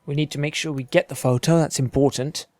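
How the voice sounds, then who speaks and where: A man's voice: fairly high pitch, fairly even intonation, a little fast, a little mellow, no echo. Chatty man narrating a truck sim. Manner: rambling, narrates his own actions with fillers and asides. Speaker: gaming channel host. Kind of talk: casual let's-play commentary. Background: truck engine, rain and thunder from the game.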